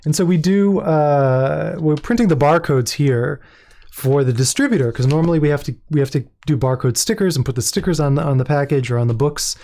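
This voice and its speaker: Man, casual livestream host, chatty, self-amused, mellow tone. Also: on the high side, fairly quick. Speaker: independent publisher and host. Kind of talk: casual livestream product launch.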